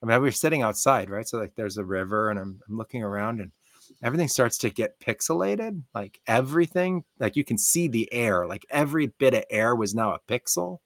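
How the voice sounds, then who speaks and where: A man, a podcast guest, telling a personal story in an animated, excitable way, peppering it with "like.". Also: medium pitch, fairly quick, no echo, studio quality. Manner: excitable, repeats "like" often.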